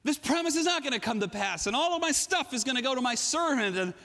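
A man's voice: extremely high pitch, expressive, fast talker, creaky, sharp tone, long reverb tail, pitched above the performer's own voice, full character voice. A man voicing Abram, an old man pleading with God, frustrated and sad, within a sermon. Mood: plaintive.

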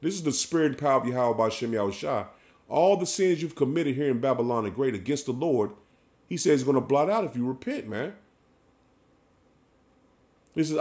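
A man's voice: mid-range voice, expressive, moderate pace, long pauses, darkish tone. Emphatic man preaching, saying "man" a lot. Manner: emphatic, ends phrases with "man". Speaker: street preacher. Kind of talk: preaching sermon.

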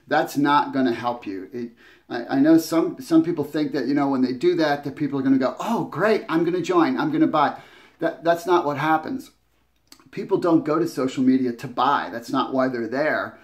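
A man giving casual advice to camera as a business coach, talking conversationally with many restarts and tag questions. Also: mid-range voice. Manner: conversational, often adds "right?"; restarts and repeats words.

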